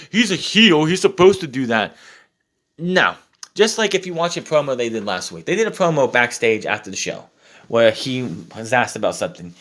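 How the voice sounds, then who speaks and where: A man's voice: mid-range voice, fairly bright tone. A young man giving a blunt, profane recap and opinion of a wrestling show.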